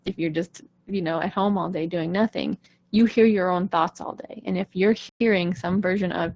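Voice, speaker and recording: A woman's voice: fairly low pitch, steady tone, moderate pace, darkish tone, no room sound. A woman singing coach giving an earnest, conversational talk in a live online session, often checking in with "right?".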